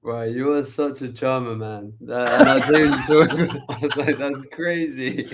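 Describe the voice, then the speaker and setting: A man's voice: mid-range voice, moderate pace, heavy background noise. Laid-back English man chatting. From England. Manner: relaxed, laughing, many fillers. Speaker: guest, agency co-founder. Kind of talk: casual interview chat.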